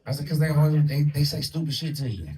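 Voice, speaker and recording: A man's voice: on the high side, fast, a crowd in the background. A man in his thirties doing a loose, profane stand-up set with crude punchlines. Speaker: stand-up comedian. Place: comedy club stage with a live audience. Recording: distant mic in a loud crowded club. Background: audience laughter and clapping.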